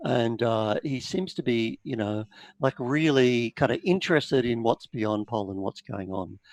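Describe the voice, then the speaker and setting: A man narrating as game master of a tabletop horror game, animated and full of quick asides. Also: medium pitch, creaky, no echo. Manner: animated, lots of fillers and asides.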